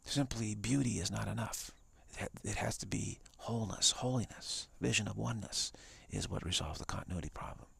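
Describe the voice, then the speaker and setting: Brisk and hardly pausing, a male spiritual teacher gives a live-streamed talk in a deep, heavily gravelly voice that is a bit bright. He is emphatic and repetitive and sometimes drops to a whisper.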